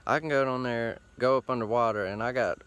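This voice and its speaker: A man's voice: mid-range voice, fairly even intonation, brisk, a bit bright, clean tone. A man hosting a show, rambling casually outdoors while sitting against a tree, with loose, profane, meandering talk full of fillers. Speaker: host.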